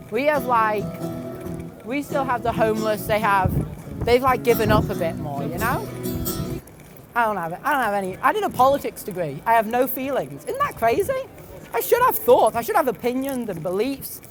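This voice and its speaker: A young man, a comedian and tour guide, rambling in a gloomy, self-deprecating deadpan and swearing freely, outdoors on a busy city street. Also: very high voice, poor audio. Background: traffic and street noise.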